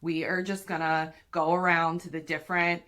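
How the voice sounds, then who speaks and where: A woman in her thirties tells a personal story on her podcast, casual and unfiltered, with plenty of swearing. Her voice is bright and a little forceful, sitting on the lower side. She acts out her own lines as she goes. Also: moderate pace. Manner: candid, profane, animated retelling with acted-out quotes. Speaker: podcast host.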